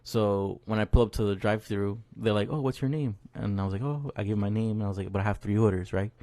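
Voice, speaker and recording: A man's voice: lowish voice, fast talker, warm tone, no echo. A man co-hosting a podcast, casually telling a funny story with crude slang and laughter. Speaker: podcast co-host. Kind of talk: casual storytelling among friends.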